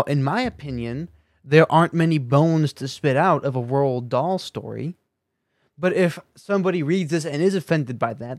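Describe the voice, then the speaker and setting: A man's voice: fairly high pitch, no room sound, clean studio sound. A man giving an earnest, argumentative opinion monologue at home, thinking aloud as he goes. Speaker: commentator. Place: room at home with a bookshelf.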